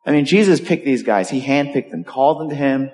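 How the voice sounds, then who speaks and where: A man preaching a sermon in an emphatic, animated way, leaning hard on key words. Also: medium pitch, brisk. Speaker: pastor. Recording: long hall reverb.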